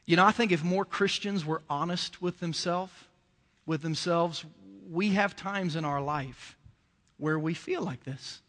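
A man preaching a sermon with a fairly high voice, talking to the congregation like a conversation and pushing up into emotional emphasis. His voice rings out with a long reverb trailing behind it. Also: unhurried, fairly bright tone.

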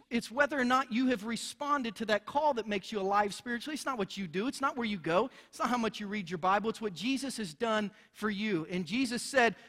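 A pastor preaching a sermon and acting out the people in the story in quick voices. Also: male voice, sits high, a bit bright. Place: church hall. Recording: church hall reverb.

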